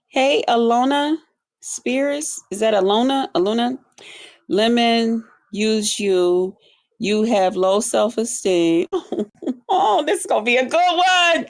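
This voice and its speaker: Woman streamer, slightly high voice, unhurried, sassy and animated with comment replies. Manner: animated and sassy, swings between high exclamations and low asides. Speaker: livestream host reading comments. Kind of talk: casual livestream chat.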